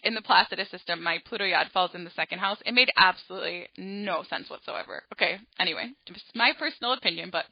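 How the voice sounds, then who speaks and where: A woman hosting an astrology podcast, telling a personal story in a chatty, animated way full of asides. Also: mid-range voice, no echo, dull audio. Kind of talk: casual storytelling monologue.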